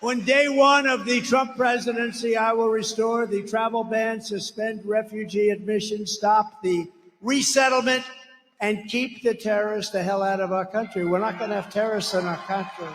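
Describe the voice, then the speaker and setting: A man's voice: sits high, steady tone, normal speed, a bit bright, a little hiss or hum. A man speaking as a political candidate at a campaign rally, blunt and rambling, full of asides and name-calling. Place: large rally venue. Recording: echoey rally hall reverb.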